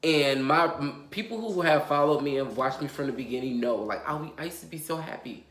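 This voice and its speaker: A man talks straight to the camera in a confessional storytime, rambling and emotional, with plenty of fillers and swearing. His voice sits at an ordinary middle pitch. The room around him sounds roomy and echoey. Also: fast talker. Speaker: vlogger. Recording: roomy echo.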